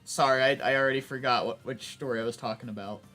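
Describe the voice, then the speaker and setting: A man's voice: medium pitch, fairly even intonation, fast talker, bright, forceful tone, faint music behind. A young man chatting casually while playing a video game, rambling and restarting his sentences. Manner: rambling, self-interrupting, laughs often. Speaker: gaming YouTuber. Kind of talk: casual let's play chat.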